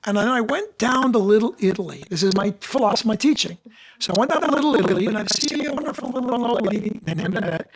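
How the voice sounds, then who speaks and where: A man's voice: high-pitched, quick pace, slightly rough. A middle-aged man, an actor and dialect coach, telling stories as a podcast guest and acting out the people he quotes. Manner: animated anecdotes, acts out quoted voices. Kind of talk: casual interview storytelling.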